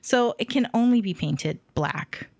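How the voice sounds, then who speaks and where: A woman's voice: on the high side, expressive, a little slow, a little mellow, dry recording. A woman from Hawaii co-hosting a podcast in casual chat, laughing often as she talks. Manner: giggly, laughs often while talking. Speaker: podcast co-host.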